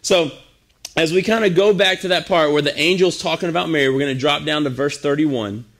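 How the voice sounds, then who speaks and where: Youth pastor, male, conversational sermon, slightly high voice. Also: a little fast, a bit bright. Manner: casual, conversational, with restarts.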